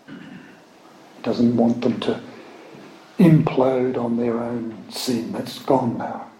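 A man teaching from the Bible, reading scripture aloud slowly with emphatic stress and explaining it. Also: medium pitch, mellow. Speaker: preacher. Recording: echoey room, faint background noise.

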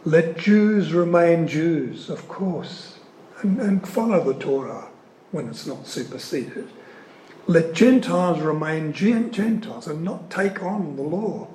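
A man giving an earnest, emphatic sermon-style teaching on scripture. He leans hard on key words and pauses often. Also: on the high side, expressive, mellow, slight background noise. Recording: echoey room.

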